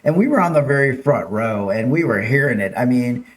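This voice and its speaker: A man's voice: mid-range voice, animated, fairly quick. A man hosting a casual live-streamed local news show, chatting with viewers and talking over slides. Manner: chatty, upbeat, reads viewer names and slides aloud.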